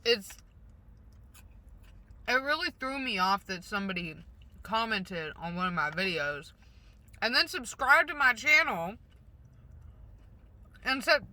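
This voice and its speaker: A woman's voice: on the high side, big pitch swings, slow pace, long pauses, bright, forceful tone, no room sound. A woman vlogger rambling casually while she eats in her car, talking with her mouth full, blunt and a little self-conscious. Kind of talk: casual rambling mukbang chat. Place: parked car.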